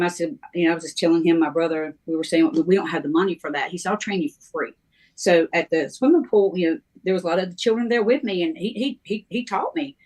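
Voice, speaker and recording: A middle-aged woman, a minister, telling her life story in a halting, conversational way, with many ums and restarts. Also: lowish voice. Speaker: guest minister sharing her testimony.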